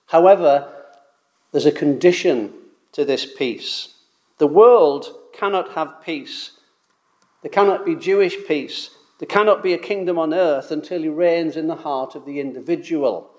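A man preaching an expository sermon, emphatic, swelling and dropping his volume and slowing down on key phrases. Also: fairly high pitch, darkish tone.

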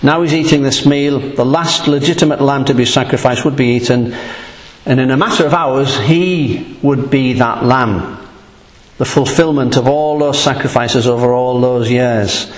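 A man delivers a sermon in a relaxed, conversational teaching manner, stressing key points by repeating words. His voice sits at an ordinary middle pitch. The sound carries through a large, echoing church hall with a long tail of reverb. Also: moderate pace. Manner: conversational, emphatic teaching with repetition. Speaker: pastor.

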